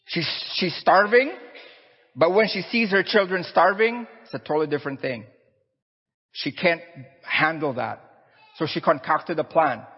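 A male preacher tells a story in a sermon with a husky, fairly high voice. He is recorded in a church hall that gives long echoes and a dull, muffled sound. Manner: animated storyteller.

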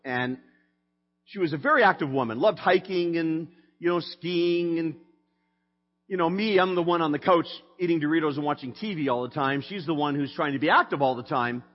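A middle-aged man telling a personal faith story in a conversational way, with many fillers, sometimes lively and sometimes quiet and subdued. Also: a little high, moderate pace. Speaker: speaker sharing a testimony. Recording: reverberant hall, dull lo-fi sound.

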